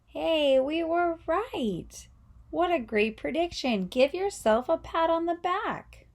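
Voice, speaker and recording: A woman's voice: extremely high pitch, lively intonation, slow. A woman teacher giving a reading lesson, encouraging children and asking them questions. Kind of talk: read-aloud reading lesson.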